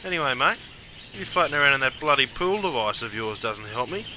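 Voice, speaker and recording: A man's voice: mid-range voice, animated, a little fast, background noise, lightly acted. A man voicing a cheeky knockabout Australian bloke, talking in a broad, slangy Australian drawl with "mate" at every turn. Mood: larrikin banter. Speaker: slang explainer.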